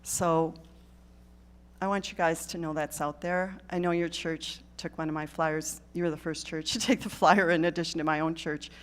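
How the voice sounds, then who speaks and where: A woman's voice: sits low, steady tone, moderate pace. A woman giving a live talk to a church congregation, earnest and direct, often checking in with the listeners. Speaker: guest speaker at a church.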